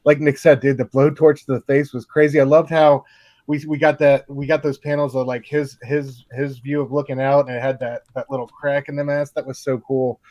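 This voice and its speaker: A man's voice: mid-range voice, flat delivery, a little fast, a little mellow, dry recording. A man on a panel livestream, chatting about comics in a rambling, laid-back way full of restarts. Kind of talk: casual panel chat on a livestream.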